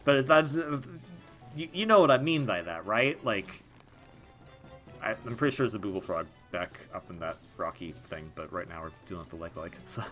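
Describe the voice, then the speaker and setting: A man's voice: lowish voice, lively intonation, normal speed, bright, forceful tone, faint music behind. A young man giving casual let's-play commentary, rambling and self-deprecating, with frequent restarts and laughs. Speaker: gaming video host.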